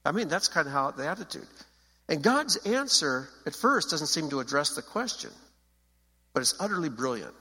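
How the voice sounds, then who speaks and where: A man's voice: on the high side, sing-song, normal speed, sharp tone, slightly rough, in a large hall, poor audio. A man preaching a sermon in an emphatic, conversational way, repeating phrases for weight. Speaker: pastor.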